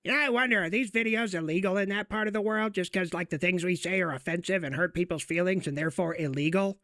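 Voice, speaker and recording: A man co-hosting a comedy news show with a sarcastic edge. His voice is high for a man. The sound is dry and close. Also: fast, pushed and bright, dry recording.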